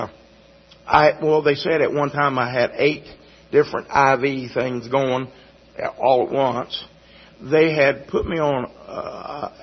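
A man giving a sermon testimony in a halting, folksy way, often repeating his words. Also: medium pitch, slightly rough. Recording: dull lo-fi recording.

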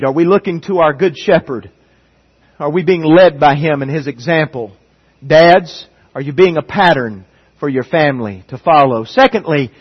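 A middle-aged man preaching a sermon to his church, earnest and building to emphatic peaks, husky in tone. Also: high-pitched, dull audio. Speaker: pastor.

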